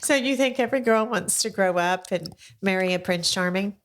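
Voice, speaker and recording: An older woman hosting a podcast, chatting with a child and coaxing him along with slow, gentle questions. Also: mid-range voice. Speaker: podcast host interviewing her grandson. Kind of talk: casual interview chat. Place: small home podcast studio.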